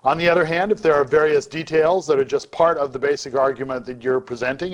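Man giving a deliberate speaking lesson. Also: on the high side, lo-fi sound. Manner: deliberate, varies volume and pace to demonstrate points. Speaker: public speaking instructor. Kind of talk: lecture.

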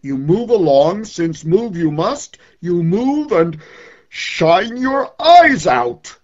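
The sun itself, a grand cosmic being, speaks out slowly and loudly with lofty declamation, as a lecturer puts it on while reading a poem. The recording sounds dull and lo-fi. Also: medium pitch, big pitch swings, voice pushed up. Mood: reassuring. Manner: loud, slow, declamatory.

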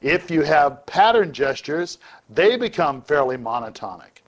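A man teaching public speaking in a lecture, deliberately shifting his volume and pace to show each point. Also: a little high, big pitch swings.

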